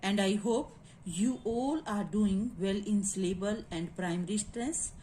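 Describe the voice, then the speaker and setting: A woman teaching a phonetics lesson, spelling out words letter by letter and often asking whether it is clear. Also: mid-range voice, warm tone, a little hiss or hum. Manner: slow, spells out letters and syllables, repeats checks. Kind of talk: classroom lecture on phonetics.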